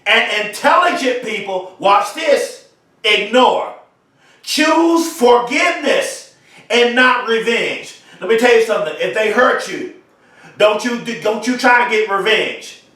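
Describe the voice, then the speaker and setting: A man giving an emphatic motivational speech, repeating slogans and often shouting them. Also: high voice, lively intonation, takes it slowly. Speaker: motivational speaker. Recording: very echoey, from far off the mic.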